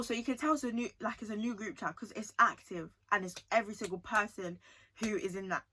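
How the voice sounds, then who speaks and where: A woman's voice: fairly low pitch, bright, forceful tone. A young woman telling a personal story in a chatty, emotional vlog, often checking in with her viewers. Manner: chatty, emotional, often asks 'do you know what I mean'. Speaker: vlogger.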